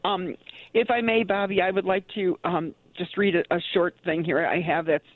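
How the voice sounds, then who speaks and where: A woman's voice: on the low side, steady tone, normal speed, no echo. A woman phones in to a radio show, effusive and emotional as she speaks. Her voice comes through dry and close, muffled by a dull phone line. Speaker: caller. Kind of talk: phone-in call. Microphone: telephone.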